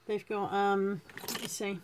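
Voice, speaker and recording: A woman's voice: medium pitch, level tone, unhurried, a little hiss or hum. A woman chatting casually to viewers on a live stream, self-deprecating and greeting people as she goes. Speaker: reseller hosting a live stream.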